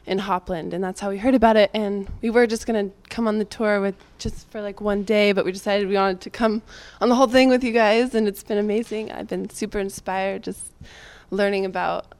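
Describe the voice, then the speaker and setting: A woman's voice: medium pitch, fairly even intonation, fairly quick, few pauses, a little mellow, dry recording. A woman from Northern California introduces herself and gives a rhythmic spoken-word poem reading at a live community gathering. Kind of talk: poetry reading then singing with guitar.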